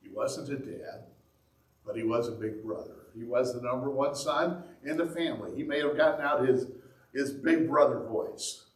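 A man's voice: medium pitch, normal speed, far from the mic. A man preaching a sermon, telling the story in a conversational way and acting out the quotes. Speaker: pastor. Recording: echoey room, speaker away from the mic.

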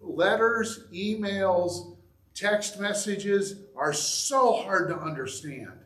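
A man preaching a sermon, animated and acting out little examples as he goes. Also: sits high, takes it slowly. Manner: animated, acts out examples with shifts in loudness. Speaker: pastor. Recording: echoey room.

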